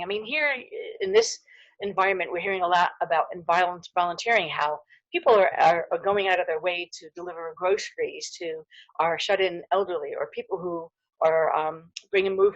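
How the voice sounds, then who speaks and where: A woman's voice: lowish voice, dry recording, lo-fi sound. A middle-aged woman giving a casual, heartfelt wellness talk to camera, earnest and full of fillers and restarts. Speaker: holistic dental hygienist.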